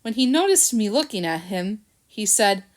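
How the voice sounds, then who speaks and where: Lively woman reading a storybook. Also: medium pitch, normal speed. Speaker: reader. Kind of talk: storybook narration.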